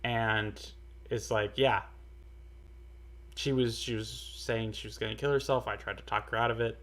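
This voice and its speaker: A young man telling a personal story in a casual, earnest way, halting often with fillers and restarts. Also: on the low side, steady tone, a bit bright. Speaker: storyteller vlogger.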